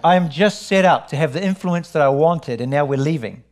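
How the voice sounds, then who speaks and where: A middle-aged New man preaching, his voice sitting a little high for a man. He tells his story with lively animation and keeps returning to his message. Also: moderate pace. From New Zealand. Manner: animated storytelling, rising high when excited. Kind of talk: sermon with personal testimony.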